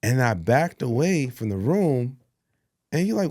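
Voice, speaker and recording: A man spins a story in an interview, acting out the voices of everyone in it. His pitch leaps high and drops low as he talks. The sound is close and dry, with no room around it. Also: unhurried, dry recording. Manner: animated storyteller, acts out voices, laughs. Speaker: executive producer.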